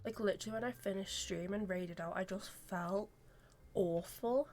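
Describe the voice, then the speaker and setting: A woman's voice: mid-range voice, moderate pace, darkish tone, a little hiss or hum. A woman streamer chatting casually during a game in a rambling, giggly way. She sits far from the mic. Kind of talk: casual gaming chat.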